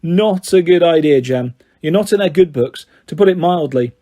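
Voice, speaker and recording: A man voicing an easygoing young man who talks in a relaxed, wry way, reading a storybook aloud. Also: a little high, normal speed, natural voice.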